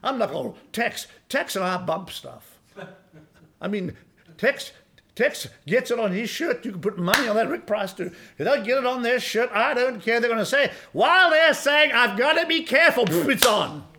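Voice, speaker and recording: A man in his sixties preaching a sermon as pastor, folksy and emphatic, swinging from quiet asides to loud exclamations. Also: high-pitched, animated, moderate pace, a little hiss or hum. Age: 60s.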